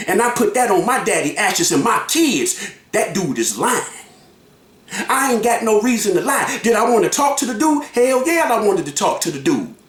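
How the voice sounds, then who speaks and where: A man's voice: high voice, sing-song, moderate pace, a bit bright, reverberant. A man giving heated reaction commentary, emphatic and repetitive, acting out quotes in his own voice. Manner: emphatic, repeats himself, acts out quotes.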